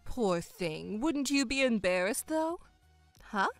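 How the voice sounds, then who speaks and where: Scheming, condescending mother, middle-aged, mocking and gloating, voiced by a woman; high, lively delivery over faint music. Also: takes it slowly, dry recording, heavily acted. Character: scheming middle-aged mother, doting, spiteful to elder daughter. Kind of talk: voiced story narration.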